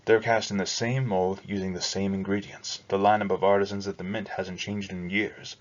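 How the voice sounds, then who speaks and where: A jovial, flirtatious male money-changer with a cheeky, indelicate tongue, as a male narrator plays him. His voice sits deep. The recording is dull and lo-fi. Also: flat delivery, moderate pace, close to an everyday voice. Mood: knowing. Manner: breezy, indelicate banter.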